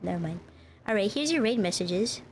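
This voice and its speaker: A woman's voice: mid-range voice, expressive, fairly quick, slight background noise. A woman streamer in casual live-stream chat, rambling and talking to her viewers. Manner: rambling, chatty, talks to chat.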